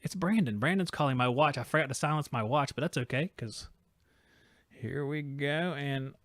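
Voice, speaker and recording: A man's voice: mid-range voice, normal speed, no echo, studio quality. A man hosting a live call-in trade show from home, telling jokey stories and acting out quotes and noises. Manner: animated joking storyteller, acts out quotes and noises. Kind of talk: casual live-stream chat.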